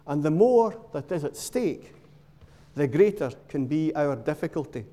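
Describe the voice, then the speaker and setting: Male preacher, mellow voice, storytelling sermon, long hall echo. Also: a little high, very animated. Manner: storytelling, dramatic pauses and short emphatic phrases. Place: church. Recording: long reverb of a large hall.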